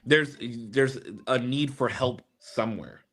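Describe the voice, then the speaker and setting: A young man talks on a podcast, mulling things over in a blunt, casual way. He swears easily. His voice sits at an ordinary middle pitch. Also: takes it slowly, a bit bright. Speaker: podcast co-host. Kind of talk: casual chat.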